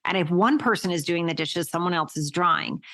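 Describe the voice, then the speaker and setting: A woman guest on an interview podcast, talking in an animated, emphatic way with casual swearing. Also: lowish voice, brisk.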